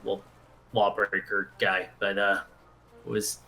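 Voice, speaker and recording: A man's voice: on the low side, completely flat delivery, slow pace, bright, forceful tone. A man playing a tabletop game. He talks in a rambling way and laughs often. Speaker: player. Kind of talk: tabletop role-play.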